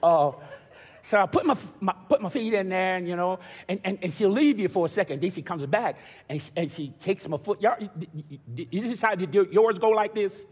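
An older man preaching a sermon as pastor, telling stories with stammered restarts and building to shouted preaching. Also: high-pitched, a little fast, breathy edge. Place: church sanctuary. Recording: long church reverb.

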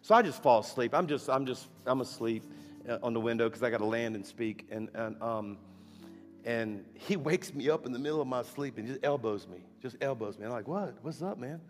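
A man preaches from a church pulpit, telling stories animatedly and firing off rhetorical questions. His voice echoes through a big sanctuary, with soft music beneath it. He sits at an ordinary pitch for a man. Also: fairly quick. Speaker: guest preacher. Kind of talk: storytelling sermon. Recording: echoey hall with faint music.

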